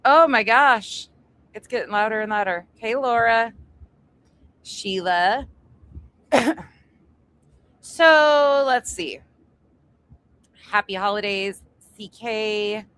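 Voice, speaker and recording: A woman's voice: a little high, slow, long pauses, fairly bright tone, clean tone, no room sound, low-quality recording. A woman hosting a casual livestream, chatty and greeting viewers one by one, swearing freely as she talks. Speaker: livestream host. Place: indoors at home. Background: construction noise from upstairs.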